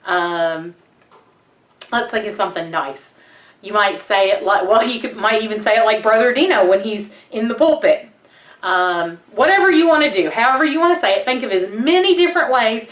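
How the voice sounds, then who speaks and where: A woman's voice: mid-range voice, fairly bright tone. Woman teaching children in a roomy space. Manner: encouraging, patient, speaks slowly when reciting. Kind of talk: teaching a memory verse to children. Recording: roomy sound from a distance.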